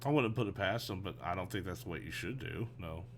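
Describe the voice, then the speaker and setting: A man's voice: sits low, fairly quick, a little hiss or hum. A man with a Texan accent co-hosting a wrestling podcast, recapping the show in a laid-back, joking way. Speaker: podcast co-host. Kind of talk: casual wrestling recap chat.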